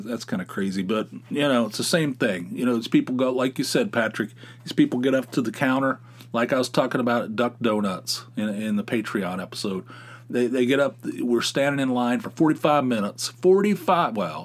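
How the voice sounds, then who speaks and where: A middle-aged man talks through a casual podcast monologue at an ordinary, middle pitch. He rants at his listeners' calls, and his voice jumps up when he gets worked up. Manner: animated ranting, voice jumping up when worked up. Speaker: podcast host. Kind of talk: casual solo podcast monologue, responding to callers.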